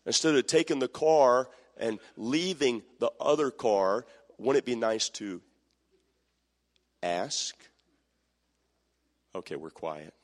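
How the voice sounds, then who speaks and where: A man's voice: medium pitch, slow pace, pauses often. Preacher man in a reverberant hall. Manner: calls for answers from the congregation, acts out quoted voices. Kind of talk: sermon.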